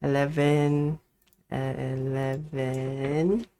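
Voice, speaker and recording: A woman's voice: very deep voice, little pitch movement, extremely slow, warm tone. A young woman from the Philippines streaming a game live, chatting to herself, swearing and squealing greetings at customers. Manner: swearing, chatty self-talk while playing. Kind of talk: live gameplay chat.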